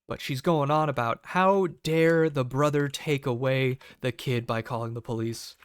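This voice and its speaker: A man's voice: mid-range voice, moderate pace, hardly any pauses, clean tone, no room sound, clean studio sound. A young American man telling a work story in a sarcastic, profane, casual way and acting out the people in it. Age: young adult. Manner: profane, sarcastic, acts out quoted voices. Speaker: cable technician storyteller.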